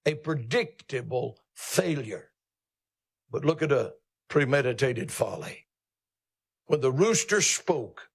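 Male preacher, gravelly voice, slightly high, folksy and dramatic sermon.

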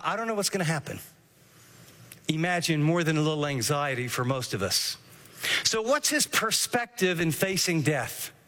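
A man's voice: sits high, sharp tone, long reverb tail. A man preaching a sermon, earnestly teaching and walking listeners through scripture verse by verse. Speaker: pastor.

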